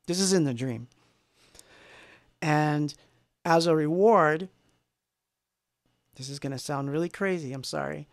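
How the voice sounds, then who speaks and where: Host musician, male, raised pitch, rambling and self-deprecating, dry close mic in his studio. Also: unhurried, creaky, pauses often, dry recording. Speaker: musician hosting a livestream. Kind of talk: casual storytelling.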